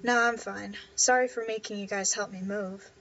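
A woman's voice: medium pitch, steady tone, normal speed, fairly bright tone, dull audio, lightly acted. Woman reading as a young man in a new apartment. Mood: plain. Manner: plainly reading game text aloud.

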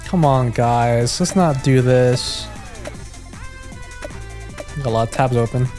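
A gaming YouTuber giving excitable let's play commentary, swearing and stammering as he reacts to the game. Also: medium pitch, slow, soft background music.

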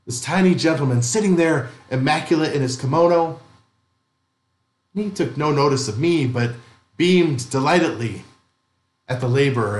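A male pastor tells a story in vivid first person during a sermon. His voice sits a little high and carries a roomy echo.

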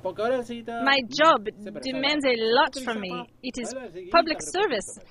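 A woman's voice: high voice, lively intonation, crowd noise. A woman doing a pompous cable technician. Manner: slow, pompous. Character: solemn self-important female cable technician.

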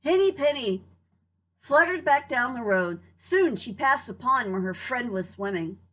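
Teacher lady reading a kids book, bouncy pitch, a bit breathy. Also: measured pace. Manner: lively, expressive storytelling. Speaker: preschool teacher. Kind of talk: reading a picture book aloud.

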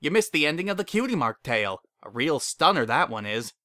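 A man playing a booming, jolly stallion dad. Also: big pitch swings, fairly quick, bright, forceful tone, dry recording, clean studio sound. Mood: jovial. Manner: booming and jovial. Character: cheerful middle-aged unicorn stallion father.

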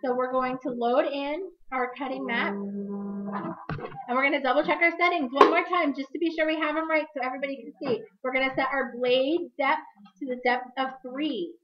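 A woman's voice: high-pitched, moderate pace, lo-fi sound. A woman hosting a live crafting demonstration, chatty and upbeat, correcting herself as she goes, her voice a little worn. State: slightly losing her voice. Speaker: crafting demo host.

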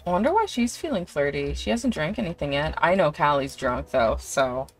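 A woman's voice: low voice, sing-song, normal speed. A young woman giving chatty, giggly commentary over a life-sim game, full of fillers. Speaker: let's play creator.

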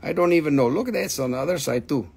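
An excitable man hosts a live mineral sale, bouncing between jokes and rapid-fire prices. His voice sits a bit high and stays playful throughout. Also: gravelly, husky. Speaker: host selling minerals on a live stream. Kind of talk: live sales stream, casual chat.

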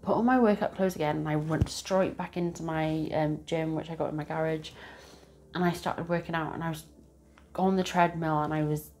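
A woman's voice: low voice, fairly even intonation, moderate pace, a little mellow. A woman giving a casual tarot reading to camera, chatty and rambling, laughing often. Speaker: tarot reader.

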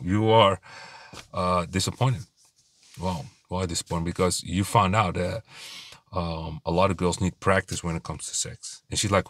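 Deep-voiced blunt man giving dating advice. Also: fairly bright tone, no room sound, studio quality. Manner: blunt, rambling, swears casually. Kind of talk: casual monologue to camera.

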